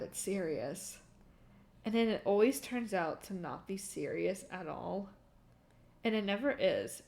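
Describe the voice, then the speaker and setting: Her mid-range voice is creaky with a darkish tone as this young adult woman casually rambles through a story on stream. She laughs a lot and fills the gaps with "like" and "um."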